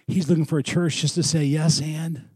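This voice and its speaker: Man preaching with a dark, dry voice. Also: moderate pace, husky, no room sound. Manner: swings between loud lively storytelling and quiet earnest lows. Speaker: pastor. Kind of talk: sermon with storytelling. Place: church.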